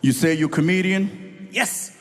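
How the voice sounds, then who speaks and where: A man voicing a huge, calm male bodyguard who talks low and slow with street slang. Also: big-room sound, lightly acted. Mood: dismissive.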